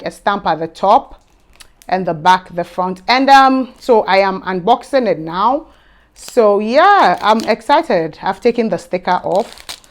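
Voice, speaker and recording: A young woman hosting a fragrance channel, chatting excitedly through an unboxing. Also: medium pitch, a little hiss or hum. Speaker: fragrance vlogger. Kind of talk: casual unboxing vlog.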